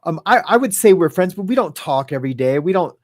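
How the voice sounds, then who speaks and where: A man with a slightly high, animated voice talks fast while hosting a casual talk show podcast. The conversation is loose chat, hesitant and rambling, with plenty of fillers, restarts and some casual swearing.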